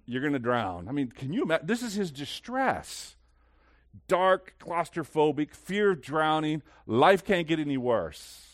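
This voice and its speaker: A man preaching a sermon as pastor, swinging between loud, lively stretches and hushed, slow ones. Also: on the high side, dry recording, clean studio sound.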